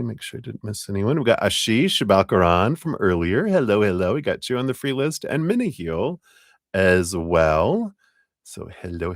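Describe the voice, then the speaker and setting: A man's voice: on the low side, creaky, no echo, clean studio sound. A man hosting a live tarot stream, chatting casually and upbeat as he thanks viewers one by one, laughing often.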